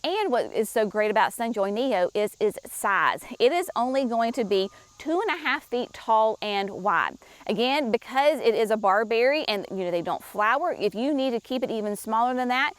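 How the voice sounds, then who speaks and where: A woman's voice: fairly high pitch, expressive, moderate pace, no echo. A woman presenting shrubs at a garden nursery, talking chattily and enthusiastically straight to her viewers. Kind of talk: casual product walkthrough for viewers.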